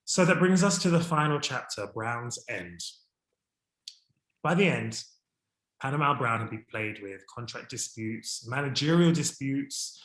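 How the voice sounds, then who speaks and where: A man giving a history talk, expressive and enthusiastic, lifting his voice when excited and reading a French poem aloud with care. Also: a little slow, echoey room, poor audio. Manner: expressive, warm about his subject, rises in pitch and volume when excited. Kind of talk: presentation to an online audience.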